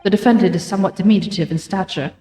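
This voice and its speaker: A woman voicing a formal older male judge who speaks in a measured, stately way. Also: fairly low pitch, a little mellow, roomy sound, long reverb tail, soft background music, close to an everyday voice.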